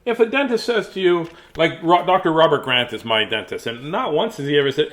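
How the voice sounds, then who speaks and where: Goofy storytime host, man, bouncy animated voice, slightly higher pitch. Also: fairly quick. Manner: playful, silly, laughing, chatty asides. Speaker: children's book reader. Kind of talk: reading picture books aloud.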